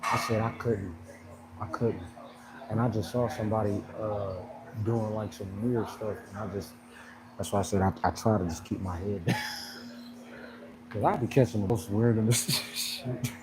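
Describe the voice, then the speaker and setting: A man's voice: fairly low pitch, fairly even intonation, moderate pace, pauses often, crowd noise. A man vlogging at a gym in casual chat, rambling and laughing as he tells a story. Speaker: fitness vlogger. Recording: noisy background.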